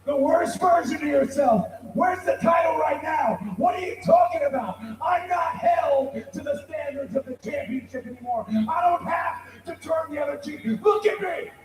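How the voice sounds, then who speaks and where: Man, pro wrestler, loud confrontational promo, echoey distant arena. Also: extremely high pitch, expressive, moderate pace, hardly any pauses, a little hiss or hum. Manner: shouting, impassioned, confrontational.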